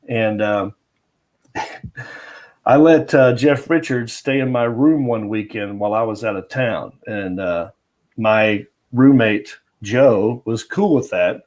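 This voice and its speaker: A man's voice: medium pitch, slow, darkish tone. A comedian guest telling a story in a casual chat, laughing often as he goes.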